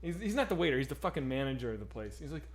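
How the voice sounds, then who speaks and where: A man co-hosting a streamed chat show, telling a story in an animated, excitable way and swearing freely. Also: medium pitch, racing, faint music behind. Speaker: podcast co-host.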